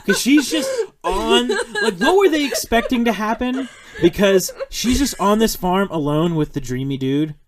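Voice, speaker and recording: A young man hosts a casual podcast chat about a film. His pitch jumps around a lot. He talks bluntly, swears freely, and stays animated throughout. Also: unhurried. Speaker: podcast host.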